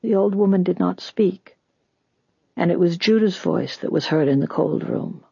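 An audiobook narrator reads a story with even, deliberate pacing. The voice is husky and breathy. The recording is dry and slightly dull. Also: mid-range voice, no echo.

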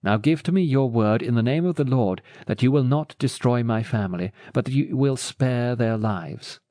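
A man's voice: mid-range voice, normal speed, mellow, dry recording, studio quality, natural voice. A man voicing a remorseful aging king in a Bible storybook, sorrowful and humbled.

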